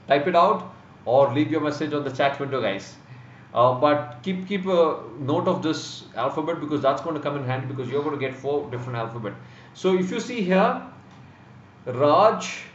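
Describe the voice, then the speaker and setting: A man with an Indian English accent, hosting a live online class and acting out loud and soft voices as he teaches. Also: a little high, lively intonation, moderate pace. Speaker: host and interview coach. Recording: roomy, distant, dull with faint hiss.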